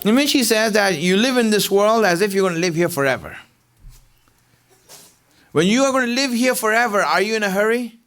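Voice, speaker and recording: A middle-aged man preaches a Ramadan lecture in a casual, talking style. He fills his sentences with "you know" and keeps asking his listeners questions. His voice sits high and swings widely in pitch. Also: expressive, brisk, long pauses, fairly bright tone. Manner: conversational, rhetorical questions, frequent "you know".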